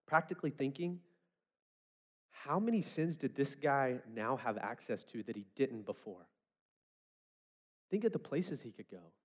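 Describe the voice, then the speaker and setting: A man preaching a sermon in a conversational, storytelling way, acting out the people he quotes. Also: medium pitch. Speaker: pastor.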